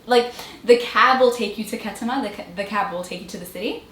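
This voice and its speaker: A young woman vlogger telling a story to the camera in a chatty way, full of fillers and quick laughs. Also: on the high side, a bit bright. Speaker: beauty vlogger. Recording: roomy echo, faint ambience.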